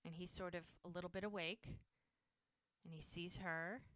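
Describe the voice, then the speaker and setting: A woman's voice: lowish voice, steady tone, moderate pace, a bit bright, no room sound. A woman co-hosting a podcast, casually retelling a TV episode scene by scene and quoting the characters. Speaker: podcast co-host recapping a TV episode. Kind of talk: casual recap chat.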